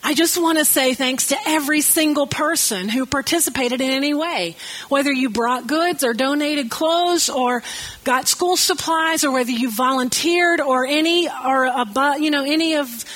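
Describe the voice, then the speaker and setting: A high-pitched woman from the American South speaks to her church congregation. She gives announcements in a chatty, storytelling manner and laughs easily along the way. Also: moderate pace, a bit bright, low-quality recording.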